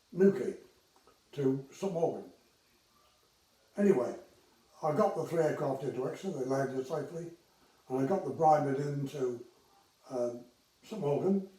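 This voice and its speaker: An older man, a retired air traffic controller, casually tells anecdotes from his career, chatty and hesitant, acting out the dialogue. His voice is on the high side with a dark tone, heard from a distant mic in an echoey room on a rough recording.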